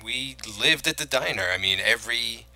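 A man's voice: mid-range voice, lively intonation, moderate pace, sharp tone, dry recording, soft background music, low-quality recording. A man co-hosting a podcast, chatting casually about movies and rambling with many restarts. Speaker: podcast co-host. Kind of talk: casual film-talk chat.

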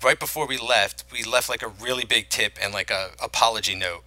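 Bright-toned man chatting about films. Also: mid-range voice, fairly quick, dry recording, poor audio. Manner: rambling, many restarts and "like"s. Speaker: podcast co-host. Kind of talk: casual film-talk chat.

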